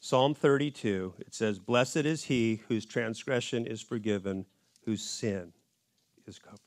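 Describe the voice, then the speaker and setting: A man giving a conversational Bible study in a church, in a casual and relaxed way with folksy asides. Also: on the low side, unhurried, no echo. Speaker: Bible teacher.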